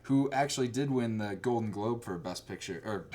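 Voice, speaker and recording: A man hosting a casual chat, talking in an animated, rambling way. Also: fairly low pitch, normal speed. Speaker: host.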